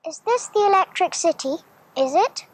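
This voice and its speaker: A man's voice: expressive, normal speed. A piping, worried little boy. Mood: anxious. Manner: high piping questions, eager and worried. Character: small anxious boy asking for his parents. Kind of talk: solo stage performance.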